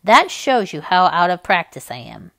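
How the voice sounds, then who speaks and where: A woman reading aloud and voicing a gentle father who fondly tells his son a poaching trick, her voice dropped a little low. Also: big pitch swings, normal speed, creaky, no room sound, exaggerated voice. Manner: fond, storytelling.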